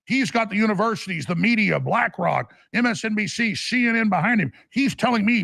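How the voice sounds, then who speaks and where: A man's voice: high-pitched, animated, fairly quick, gravelly, hardly any pauses, a bit bright, no echo, clean studio sound. A man hosting a radio talk show, telling a long story in a rambling, urgent way with many restarts.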